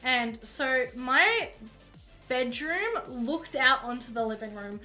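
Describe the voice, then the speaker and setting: A woman's voice: high voice, lively intonation, slow pace, sharp tone, faint music behind. A woman streamer telling a story casually, rambling along with plenty of fillers while she paints at home.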